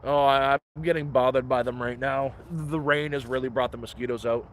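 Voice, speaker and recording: A man's voice: medium pitch, fairly even intonation, moderate pace, slight background noise. A man hosting a casual live stream outdoors in the woods, giving frank, profane advice, talking into a phone as he walks around his camp. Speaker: livestream host living outdoors.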